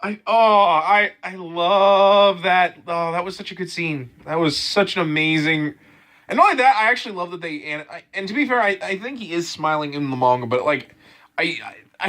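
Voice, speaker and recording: A man casually rambling through an anime episode review, full of fillers, restarts and excitement. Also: fairly high pitch, fast.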